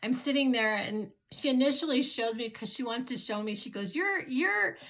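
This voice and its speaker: A woman's voice: fairly high pitch, a little fast. A woman vlogging in a casual, rambling way, full of restarts and fillers, emotional and grateful as she talks to her viewers. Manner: emotional and grateful, laughs often. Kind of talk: casual chat to camera.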